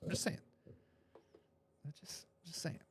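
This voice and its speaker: A man hosting a casual live sports talk show, reading viewer comments aloud with a joking, animated manner and frequent laughs. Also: unhurried, slight background noise.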